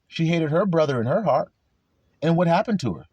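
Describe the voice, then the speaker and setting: A man's voice: on the high side, animated, fairly quick, darkish tone, husky, no room sound, muffled recording. A man preaching an informal sermon, confrontational and full of rhetorical questions, with coarse language.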